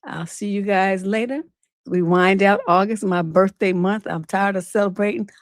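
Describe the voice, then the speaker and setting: Speaking at a moderate pace in a mid-range voice, a woman is captured in dry, clean studio sound. She's a relationship coach running an unscripted advice livestream, and her stories come out blunt, animated, and profane.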